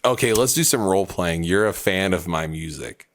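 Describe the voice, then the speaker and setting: A man's voice: low voice, expressive, normal speed. A young man co-hosting a podcast in casual, joking chat. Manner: joking, slips into playful put-on voices. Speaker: podcast co-host.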